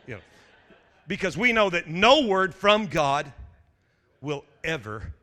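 A male pastor preaches with a voice that swoops wildly up and down, stumbling over restarts before bursting into shouts. His bright, cutting tone rings out into the long reverb of a big hall. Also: fairly high pitch, slow pace. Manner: animated, stammering restarts, shouted exclamations, jokey asides. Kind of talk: energetic sermon.

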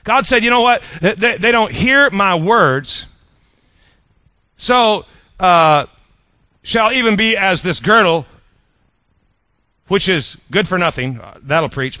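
A middle-aged male pastor delivers an animated sermon with a bright, forceful tone. His voice sits a little high, and he jabs playfully while stumbling over repeated words. The sound is dry and close. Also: dry recording.

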